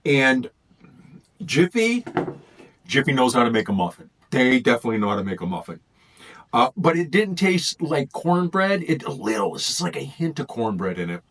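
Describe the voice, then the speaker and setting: A man's voice: medium pitch, sing-song, moderate pace, a bit bright. A man reviewing food in a casual vlog, thinking aloud and rambling as he tastes.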